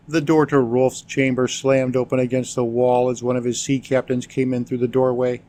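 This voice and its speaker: Even-voiced male narrator for a scripted audiobook. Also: mid-range voice, normal speed, few pauses.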